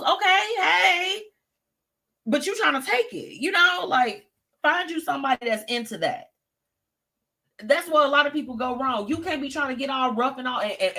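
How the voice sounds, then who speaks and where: Sassy bright-voiced woman host. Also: high voice. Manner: sassy, chatty, talks straight to listeners. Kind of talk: live show gossip commentary.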